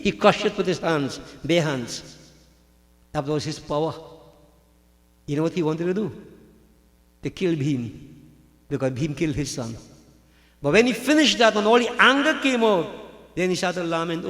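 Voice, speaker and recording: A man's voice: high voice, animated, normal speed, long pauses, a bit bright. A man preaching a sermon, telling scripture stories dramatically and acting out the characters. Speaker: pandit preacher. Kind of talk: sermon storytelling. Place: large hall at a religious gathering. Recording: long reverb of a hall.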